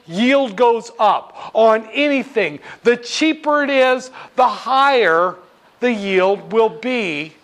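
A man giving a finance lecture who breaks up his explanations with crude, irreverent jokes. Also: very high-pitched. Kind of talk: comedic classroom lecture.

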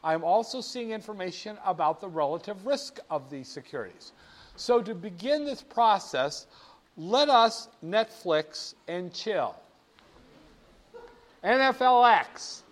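High-voiced, animated finance instructor man. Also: slow pace. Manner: animated and playful, asks the viewer rhetorical questions. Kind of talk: screen-share lesson on market charts.

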